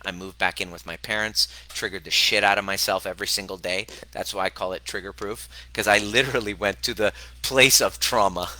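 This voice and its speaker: A forceful man in his forties with a low, sharp-edged voice gives a blunt, profane self-help talk. His pitch swoops up on emphasis, and the sound is dry and close. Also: no room sound, low-quality recording. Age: 40s. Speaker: host and coach.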